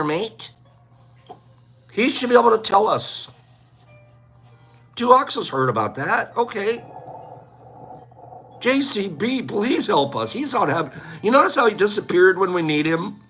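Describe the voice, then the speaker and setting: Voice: medium pitch, a bit bright, slightly rough. A livestream host in casual chat, playful and teasing, calling out chatters by name.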